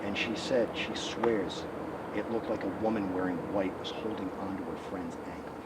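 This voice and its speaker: A man who researches the paranormal, telling ghost stories in an animated interview outdoors by a rural road. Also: low-pitched. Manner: animated, quick storytelling. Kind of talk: storytelling interview. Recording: distant mic, outdoor traffic noise.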